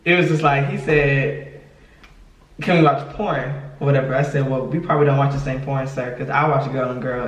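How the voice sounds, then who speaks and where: A man telling a story in casual chat, acting out the other people's lines and laughing often. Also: medium pitch. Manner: animated, acts out quoted dialogue, laughs often. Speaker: podcast co-host telling a story. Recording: echoey room from a distance.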